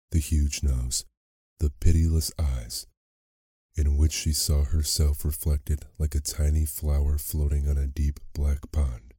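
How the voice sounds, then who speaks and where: A man narrating a bedtime sleep story in a slow, soft, measured way. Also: rumbling low, husky, dry recording, clean studio sound.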